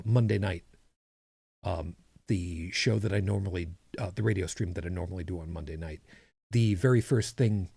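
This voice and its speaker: A man's voice: low voice, vocal fry, warm tone, breathy edge, no room sound. A man co-hosting a podcast, chatting casually with a rambling, self-correcting manner and dry humor. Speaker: podcast co-host. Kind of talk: casual chat.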